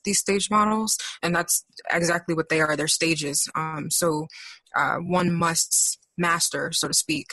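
A woman therapist being interviewed, explaining her clinical work in a measured way with frequent pauses. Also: on the low side, a bit bright, dry recording. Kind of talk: professional conversation.

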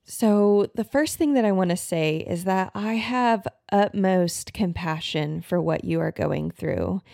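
A woman's voice: mid-range voice, a little mellow, dry recording, studio quality. A woman hosting her own podcast as a health practitioner, speaking earnestly and heartfelt, often restarting and repeating words. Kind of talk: heartfelt solo podcast talk.

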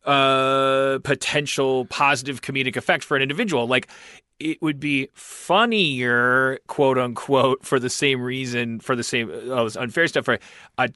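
A man's voice: mid-range voice, steady tone, unhurried, bright, forceful tone, dry recording, studio quality. A man hosting a casual podcast conversation, rambling and restarting as he works through his thoughts. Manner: rambling, many restarts, thinking aloud.

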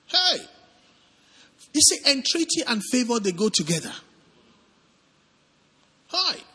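A man's voice: very high voice, fast, breathy edge. A man with a Nigerian accent, a pastor preaching and leading prayer, calling on the congregation to respond. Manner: animated, calls on congregation to respond. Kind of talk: sermon with prayer. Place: church service hall. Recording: long hall reverb, faint music behind.

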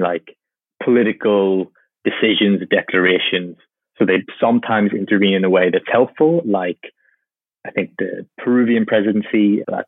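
A man answering interview questions as a climate policy expert, explaining in a measured, lightly wry way. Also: deep voice, breathy edge, no echo. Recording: tinny phone-like line, dry.

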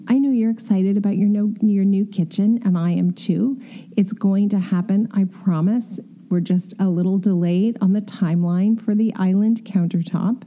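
Mellow-voiced woman telling candid work stories. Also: medium pitch. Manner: candid, self-deprecating, emphatic. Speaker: interior designer. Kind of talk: storytelling advice talk.

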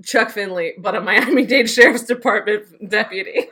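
A woman co-hosting a podcast in casual chat, animated and joking, often laughing. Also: mid-range voice, moderate pace. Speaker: podcast co-host.

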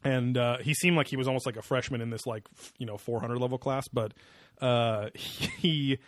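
A man's voice: mid-range voice, normal speed, dry recording, studio quality. A young man in casual comedic chat, rambling and crude, laughing often. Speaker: podcast co-host.

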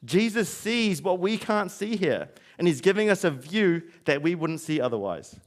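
A man's voice: high-pitched, very animated, moderate pace. Man preaching in a conversational way. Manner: conversational preaching with acted-out quotes. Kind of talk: sermon.

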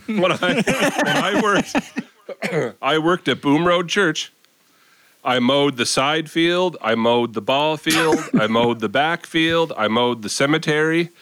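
A man on a casual podcast tells his friends a story, reeling off each step one after another. His voice is bright and clear, with laughs slipping in. The sound is dry. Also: on the high side, no echo. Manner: brisk list-like storytelling with laughs. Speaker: podcast co-host.

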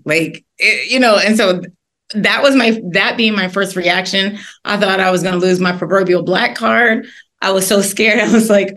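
A woman author as a guest in an interview, telling stories in an earnest, animated way. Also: medium pitch, moderate pace. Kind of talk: interview conversation.

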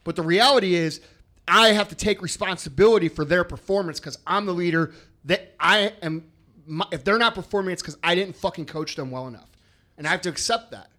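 Speaking a little fast in a high, pushed, bright voice, this man co-hosts a business podcast. The chat is casual, but he's blunt and emphatic, with plenty of swearing.

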